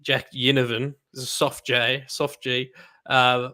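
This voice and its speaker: A man co-hosting a casual football chat, explaining things in a relaxed, laid-back way. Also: mid-range voice, takes it slowly. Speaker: co-host.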